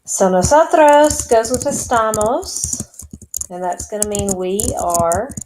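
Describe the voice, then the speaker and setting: A woman's voice: medium pitch, background noise. A woman teaching a recorded lesson to her students, explaining step by step in a chatty way as she types. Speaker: Spanish teacher. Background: keyboard typing and clicks.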